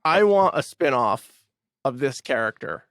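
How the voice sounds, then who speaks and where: A man co-hosting a movie podcast in excited, casual chat, swearing freely. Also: mid-range voice, unhurried, no echo, clean studio sound. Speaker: podcast co-host.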